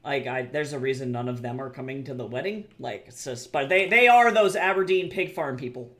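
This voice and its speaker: A woman's voice: very deep voice, brisk. A woman streamer chatting casually, rambling and swearing as she tells stories. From United States. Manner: rambling, swearing, animated storytelling. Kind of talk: casual chat while drawing.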